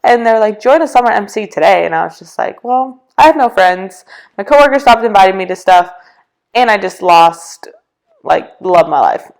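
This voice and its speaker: A young woman from California shares her faith story as a podcast guest, with a gravelly, fry-laden voice at a middle pitch. She talks in a loose, chatty way, full of fillers, and acts out what she and others said. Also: lively intonation, fairly quick. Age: young adult. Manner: chatty, filler-heavy, acts out quoted dialogue. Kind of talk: casual personal testimony.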